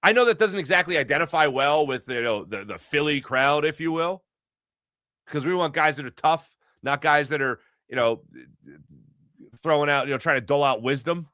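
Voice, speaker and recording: A man hosting a sports show, arguing his point in a fast, animated monologue full of rhetorical questions. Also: fairly high pitch, dry recording, clean studio sound. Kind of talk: casual sports commentary monologue.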